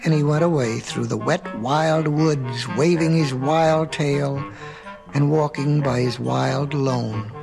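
A man reading a storybook aloud in a slow, rhythmic way, lingering on repeated phrases. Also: mid-range voice, creaky, over music, poor audio.

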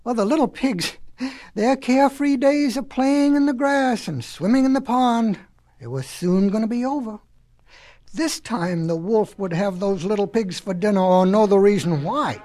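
A woman's voice: mid-range voice, moderate pace, mellow. Woman reading a folksy storybook. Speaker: narrator.

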